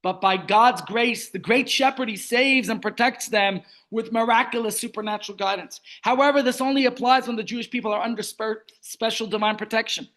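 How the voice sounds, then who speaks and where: A man's voice: extremely high pitch, a little fast, hardly any pauses. A man teaching a Torah class over a video call, telling stories and asking rhetorical questions. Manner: storytelling, rhetorical questions, animated. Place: online meeting.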